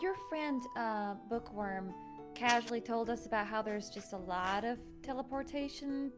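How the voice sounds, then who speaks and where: A woman's voice: a little high, normal speed, music in the background. Chatty woman tabletop player. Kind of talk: casual in-character play.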